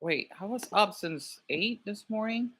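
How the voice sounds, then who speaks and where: A man's voice: sits high, measured pace, bright, forceful tone, husky. A young man streaming from bed late at night, chatting casually and rambling as he checks his videos, often cutting himself off mid-thought. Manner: rambling, self-interrupting, talks to himself. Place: in bed at home.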